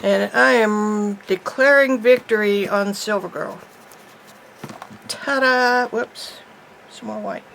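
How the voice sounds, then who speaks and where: Woman art teacher, folksy, chatty, slightly gravelly voice, faint background hiss. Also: mid-range voice, measured pace, fairly bright tone, rough recording. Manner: chatty, folksy, thinking aloud while painting. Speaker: painting teacher. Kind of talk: casual painting tutorial.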